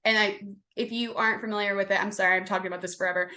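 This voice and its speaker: A woman co-hosting a casual sports chat podcast, rambling and excitable, with lots of fillers and restarts. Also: mid-range voice, racing. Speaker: podcast co-host.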